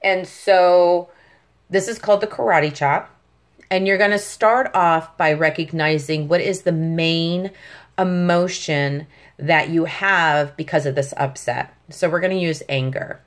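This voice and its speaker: A middle-aged woman patiently teaching a tapping technique step by step, often checking in with the listener. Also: deep voice. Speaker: tapping instructor. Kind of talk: step-by-step demonstration lesson.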